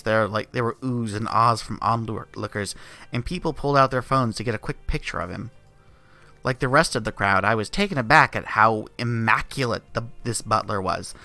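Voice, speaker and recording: Bright-voiced man reading a game aloud. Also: mid-range voice, creaky. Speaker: streamer. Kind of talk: reading a visual novel aloud with commentary.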